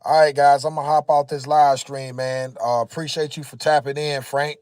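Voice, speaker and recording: A man's voice: a little high, flat delivery, moderate pace, a little mellow, no room sound, studio quality. A tired, tearful man talking casually to viewers on a livestream from inside his car, worn out and weary. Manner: tired, weary slang-heavy talk. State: exhausted, tearful.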